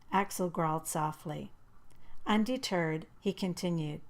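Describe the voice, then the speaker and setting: A woman narrating a first-person audiobook in a lively, expressive way. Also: fairly low pitch, moderate pace.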